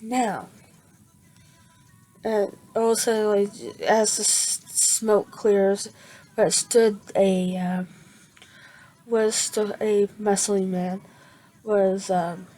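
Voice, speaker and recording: Slow, halting woman storyteller. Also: medium pitch, fairly even intonation, warm tone, faint music behind, low-quality recording. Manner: halting, with many fillers and restarts. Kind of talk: improvised fan fiction narration.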